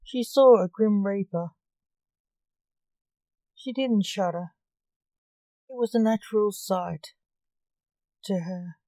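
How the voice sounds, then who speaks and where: A woman narrating a dark storybook tale in a measured, even way. Her pace is slow, her tone mellow, and the recording is close and dry. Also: mid-range voice, dry recording, low-quality recording.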